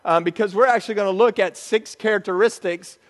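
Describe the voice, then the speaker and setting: Pastor guy, highish voice, chatty sermon with jokes, big echoey church. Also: a little fast. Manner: conversational with joking asides. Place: church sanctuary.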